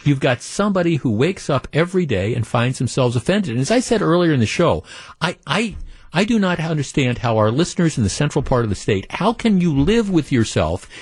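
A man's voice: a little high, very animated, fairly quick, a little mellow, husky, no echo. A man hosting a talk radio show, reading out listener texts with wry disbelief. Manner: wry, incredulous. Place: radio studio. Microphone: studio microphone.

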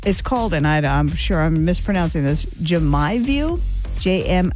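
A woman's voice: low-pitched, moderate pace, soft background music. A woman co-hosting a morning radio show in a studio, chatting and telling stories with frequent laughs. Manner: chatty, laughs often, animated storytelling. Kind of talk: casual morning radio banter. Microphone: studio microphone.

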